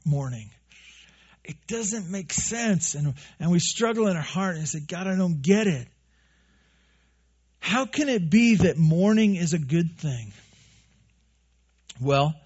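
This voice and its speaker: A man's voice: fairly high pitch, darkish tone, husky, dull audio. A man preaching a sermon as pastor, earnest, repeating his phrases and acting out what his listeners say.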